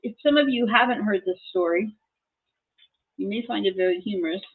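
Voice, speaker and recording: A middle-aged woman hosting a live collectibles sale, chatting casually and telling a story in an animated way. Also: mid-range voice, brisk, background noise. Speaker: host selling collectibles. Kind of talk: casual sales chat and storytelling. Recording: tinny phone-like audio.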